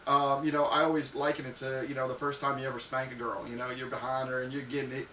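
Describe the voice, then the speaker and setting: A man hosting a live show, giving crude, frank advice to viewers and acting out loud little scenes. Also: medium pitch, flat delivery, quick pace, recorded from a distance. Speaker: live show host answering viewer questions. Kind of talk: casual live-stream advice talk. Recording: echoey room, off-mic, faint hiss.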